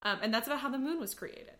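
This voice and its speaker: A woman's voice: sits high, fairly bright tone. A woman co-hosting a casual podcast, explaining facts in a chatty way with frequent ums. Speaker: podcast co-host. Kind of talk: casual chat.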